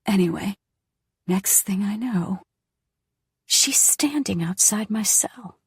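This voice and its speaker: A woman narrating a first-person audiobook in a hushed, often whispery voice. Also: medium pitch, animated, slow pace, slightly rough, no room sound.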